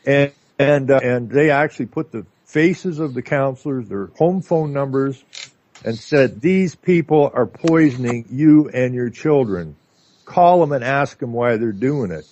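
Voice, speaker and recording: A Canadian man talking casually as a radio guest, telling stories in an animated way with lots of filler words. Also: mid-range voice, a little slow. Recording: dull lo-fi line.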